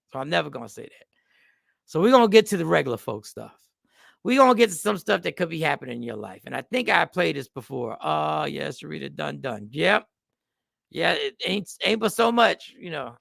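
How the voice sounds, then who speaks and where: A man's voice: fairly high pitch, creaky, sharp tone, no room sound, clean studio sound. A man hosting a talk show, giving emphatic casual commentary straight to his viewers.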